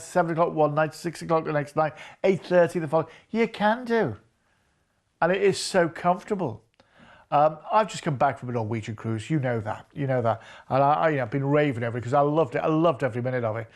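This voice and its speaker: A man presenting cruise deals on a TV shopping channel, chatty and enthusiastic with folksy asides. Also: on the high side. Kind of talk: TV shopping sales pitch.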